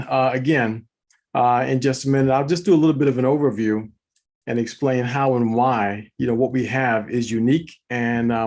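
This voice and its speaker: A man hosts an easygoing online talk on products, his voice medium in pitch and a touch mellow. Full of enthusiasm, he takes viewers through the slides, calls them folks, and repeats words to stress them.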